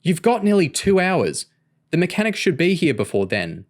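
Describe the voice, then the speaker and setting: A cross, indignant young mother snapping at her husband in a storybook reading, as a man puts her on. The voice is pitched well above a plain speaking voice and sounds sharp. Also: very animated, moderate pace. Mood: insistent.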